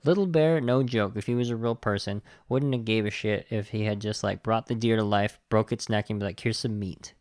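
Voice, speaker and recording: Male podcast host: low, gravelly, dry sound, animated and indignant. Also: fairly quick, few pauses, no room sound. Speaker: podcast host reviewing a film. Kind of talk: casual film review chat.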